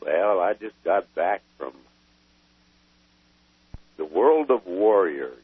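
Gruff husky veteran caller on phone. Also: male voice, deep voice, very animated, slow, dry recording. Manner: gruff, folksy and emphatic, punching out words. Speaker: call-in caller, military veteran. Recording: tinny dry phone line.

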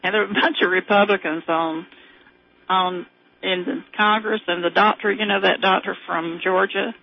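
A woman's voice: medium pitch, steady tone, normal speed, vocal fry, a little hiss or hum. An older woman with a Southern American accent, calling in to a radio show and chatting in a rambling, storytelling way, often laughing. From southern United States. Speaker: caller. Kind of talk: casual phone-in chat. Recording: muffled radio phone-in.

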